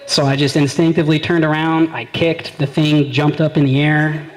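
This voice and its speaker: A man's voice: on the high side, low-quality recording. A man performing a stand-up comedy set, telling stories with quoted back-and-forth exchanges. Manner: conversational storytelling with quoted exchanges. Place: small live venue.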